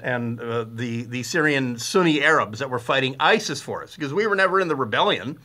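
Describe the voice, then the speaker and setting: A middle-aged man hosting a talk radio show, with a blunt, sarcastic and animated way of talking, full of fillers and restarts. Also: medium pitch. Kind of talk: opinionated talk radio monologue.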